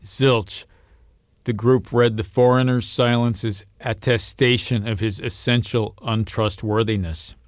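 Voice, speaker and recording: A man reading a novel aloud as narrator, in a steady storytelling manner. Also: unhurried, no room sound, clean studio sound. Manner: steady storytelling, lifts pitch and volume for quoted voices. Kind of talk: audiobook reading.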